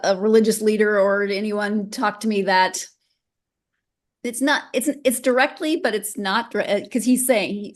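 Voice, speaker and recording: A woman hosting a podcast interview, chatty and casual, often restarting her sentences. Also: mid-range voice. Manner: chatty, with frequent restarts and laughs. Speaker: podcast host.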